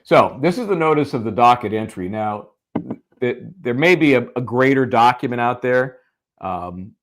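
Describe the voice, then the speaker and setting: A man's voice: medium pitch, lively intonation, normal speed. A man co-hosting a live legal show, reading a court ruling aloud with wry joking asides. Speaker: co-host of a legal commentary show. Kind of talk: live legal analysis chat.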